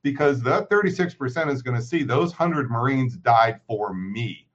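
A political scientist with a mid-range voice speaks animatedly at a moderate pace, giving emphatic, lecture-like analysis in an interview. He drops his voice for grave points, and the remote audio sounds muffled.

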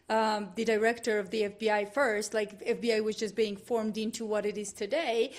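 A woman from Georgia telling stories in a lively, fast, heated casual conversation, laughing now and then. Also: a little high. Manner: animated, quick storytelling with laughs.

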